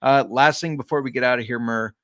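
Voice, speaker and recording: A man co-hosting a podcast, chatting casually about fantasy football and bets, easygoing and quick to laugh. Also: mid-range voice, dry recording. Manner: relaxed, chatty, laughs easily. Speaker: podcast co-host. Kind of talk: casual sports betting chat.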